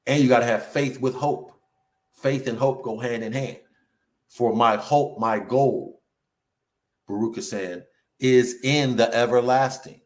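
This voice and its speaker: A man's voice: medium pitch, measured pace. A man preaching a sermon, reading scripture verse by verse and breaking in with emphatic remarks of his own. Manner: emphatic, interjects remarks between quoted verses.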